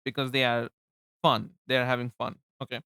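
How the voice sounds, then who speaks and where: A man's voice: mid-range voice, little pitch movement, brisk, sharp tone, clean tone, dry recording, clean studio sound. A young man from eastern India, Bengali native, with an Indian accent, chatting casually on a livestream, rambling with laughs and repeated words. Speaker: streamer.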